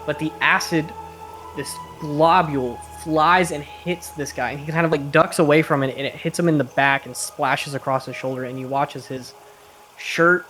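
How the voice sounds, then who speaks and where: A man's voice: mid-range voice, a bit bright, slight background noise. A man running a tabletop game, narrating loosely with many fillers. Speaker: game master.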